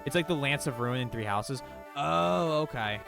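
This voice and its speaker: A streamer giving casual live commentary on a game, chatty and quick to swear. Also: medium pitch, animated, vocal fry, over music.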